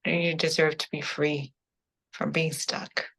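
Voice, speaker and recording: A woman with a deep, husky, fairly bright voice speaks unhurriedly with little pitch movement. A coaching client, she gives an earnest, spiritual testimonial in an interview, emotional and close to tears, repeatedly saying "I was like."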